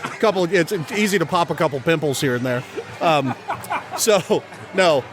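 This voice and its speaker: A man with a fairly high voice chats casually as a comedian and bass drummer. He rambles and laughs through his stories in an outdoor beer tent. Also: animated, moderate pace. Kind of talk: casual chat.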